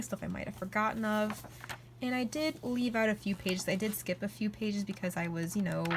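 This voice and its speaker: Rambling, excitable young woman vlogger. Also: lowish voice, background noise. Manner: rambling and excitable, heavy use of "like". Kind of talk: casual chat flipping through a journal.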